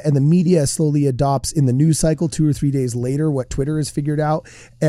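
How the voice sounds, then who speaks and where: A man's voice: medium pitch, warm tone, no echo, studio quality. A man co-hosting a casual podcast chat, arguing his point and acting out quotes. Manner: argumentative, acts out quotes. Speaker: podcast co-host.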